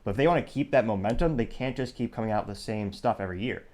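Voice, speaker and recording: A man's voice: fairly low pitch, racing, a little mellow. Sarcastic man hosting a commentary podcast. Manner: sarcastic, self-interrupting, digressive. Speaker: podcast host. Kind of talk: casual commentary monologue.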